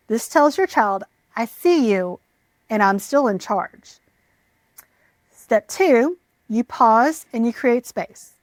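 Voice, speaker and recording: Woman, parenting educator, slightly high voice, calm and measured, reassuring, dry close recording. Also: dry recording. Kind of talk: scripted parenting advice.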